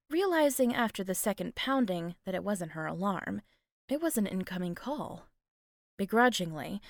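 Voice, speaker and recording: A woman narrates a story with expressive, animated delivery, her pitch moving freely over a middle-range voice. The recording is close and dry, with no room sound. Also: dry recording. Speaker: audiobook narrator. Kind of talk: scripted narration.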